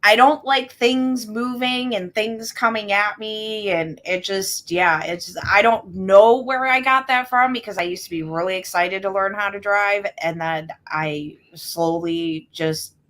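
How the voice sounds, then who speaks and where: A woman's voice: mid-range voice, unhurried, few pauses, a bit bright. Rambling woman co-host, casual chat. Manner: rambling, many restarts and "like"s. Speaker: podcast co-host.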